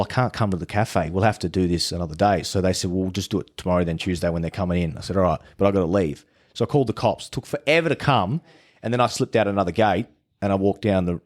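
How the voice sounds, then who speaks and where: A man who is a podcast guest tells his story in casual chat. He swears freely and often restarts his sentences. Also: sits low.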